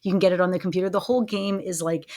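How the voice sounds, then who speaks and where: A woman's voice: on the low side, racing. A middle-aged woman co-hosting a podcast, chatting casually and animatedly. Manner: animated, laughs, mimics voices in anecdotes. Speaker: podcast co-host. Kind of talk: casual chat.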